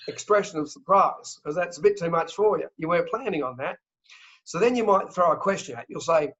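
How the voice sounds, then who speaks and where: An Australian man talking fast and joking as a travel company sales director in an interview. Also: high-pitched, lively intonation. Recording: dull lo-fi audio.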